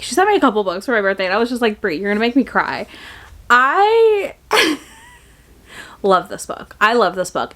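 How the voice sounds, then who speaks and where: A woman's voice: medium pitch, a bit bright. A young woman chatting casually and enthusiastically in a book haul video, gushing with lots of fillers. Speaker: book vlogger.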